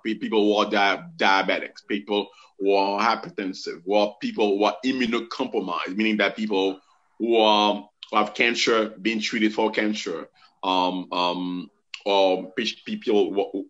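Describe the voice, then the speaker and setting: A middle-aged man, a physician guest on a talk show, explaining slowly with many ums and restarts. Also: on the low side, fairly bright tone. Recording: dull lo-fi sound.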